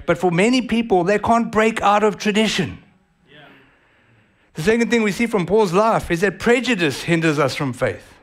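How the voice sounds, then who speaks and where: High-voiced South African preacher. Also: male voice, moderate pace. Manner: animated, acts out voices of others. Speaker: pastor. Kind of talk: sermon.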